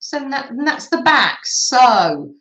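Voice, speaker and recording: English lady chatting slow while she crafts on a live stream, bouncy voice, echoey room. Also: high voice, sing-song, fairly bright tone. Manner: chatty, laughs often, greets viewers by name. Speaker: craft livestream host. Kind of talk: casual chat while crafting. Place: home room.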